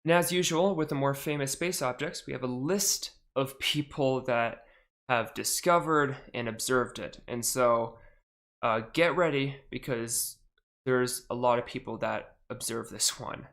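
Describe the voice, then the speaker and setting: A young man hosts a live-stream podcast for a charity stream, talking casually about astronomy. His voice is mid-range, unhurried and fairly bright, and he rambles chattily, correcting himself as he goes.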